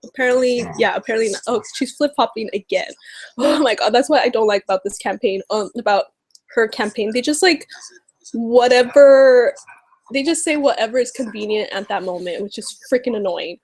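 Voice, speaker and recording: A woman's voice: fairly high pitch, normal speed, low-quality recording. A woman talking casually to camera about politics, nervous and exasperated, full of "um" and "you know". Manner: nervous, exasperated and animated, mocking others in quotes; heavy use of fillers like "um" and "you know". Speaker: political vlogger.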